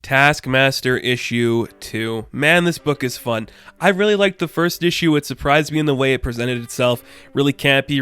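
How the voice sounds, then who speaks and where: A man's voice: medium pitch, a bit bright, smooth. A man giving a casual, enthusiastic comic book recap in a chatty way.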